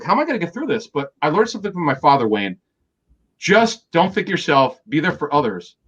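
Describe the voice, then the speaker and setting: Man telling quick stories, slightly muffled. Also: a little high, a bit bright. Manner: rapid anecdotal storytelling with quoted dialogue and many restarts. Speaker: guest. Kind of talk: storytelling in an interview.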